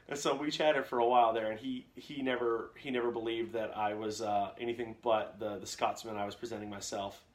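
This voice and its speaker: A young male voice actor chats casually during a live question-and-answer stream, rambling from one anecdote to another with plenty of fillers. His fairly low voice is flat in delivery and brisk, with few pauses, and a little hiss or hum can be heard.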